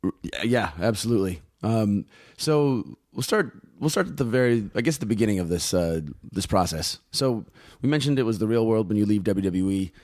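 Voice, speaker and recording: Low-voiced male guest, dry close sound. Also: lively intonation, normal speed, hardly any pauses, a little mellow, no room sound. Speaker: podcast guest. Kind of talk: casual podcast chat.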